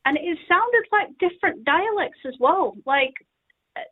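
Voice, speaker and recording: Caller, woman: eager, chatty, thinking out loud; high voice over a tinny phone line. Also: animated, unhurried. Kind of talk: casual chat on a call-in show.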